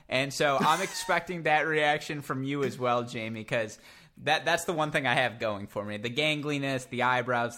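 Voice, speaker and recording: A man's voice: mid-range voice, bright, forceful tone. A man hosting a casual tennis podcast, joking with co-hosts and leading the talk with questions. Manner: joking, leads the discussion with questions. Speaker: podcast host. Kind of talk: casual sports podcast chat.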